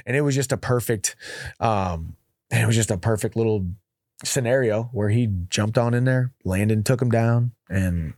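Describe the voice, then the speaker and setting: A man's voice: moderate pace, no echo. Man, coach and host, casual fight breakdown, punchy play-by-play calls, close dry studio sound. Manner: animated play-by-play with "boom" exclamations.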